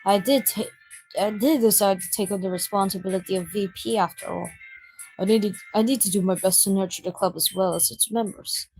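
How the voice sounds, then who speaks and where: A reserved, bookish teenage girl speaks in a hushed, measured voice, as a man reads her lines. Her tone sits somewhat high, with faint music playing underneath. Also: steady tone, creaky, poor audio. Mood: soft. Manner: quiet, soft-spoken, measured. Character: shy bookish teen girl, soft and reserved.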